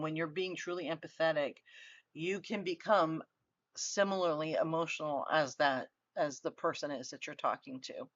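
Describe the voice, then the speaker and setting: A woman's voice: low-pitched, a bit bright, no room sound. Woman lecturer, middle-aged, earnest conversational delivery, dry dull recording. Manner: conversational, earnest, with frequent fillers and restarts. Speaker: university lecturer.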